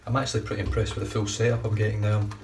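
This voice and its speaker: Rambling man, flat low voice. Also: very fast. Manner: chatty, rambling, frequent restarts. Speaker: shaving vlogger. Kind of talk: casual running commentary while shaving. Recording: distant mic with faint background noise.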